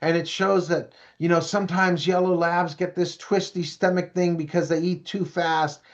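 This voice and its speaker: Man, middle-aged, animated storyteller, fairly high voice, dull lo-fi sound. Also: moderate pace. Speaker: parent educator. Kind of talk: storytelling presentation. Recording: dull lo-fi recording.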